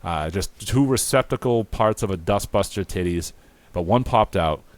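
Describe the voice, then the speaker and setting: A man spins an improvised comic story for a podcast, rambling and swearing freely as he goes. His voice sits on the lower side, and he often cracks himself up mid-sentence. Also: moderate pace, dry recording. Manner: rambling, profane, laughing at his own jokes. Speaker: podcast host. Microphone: remote recording.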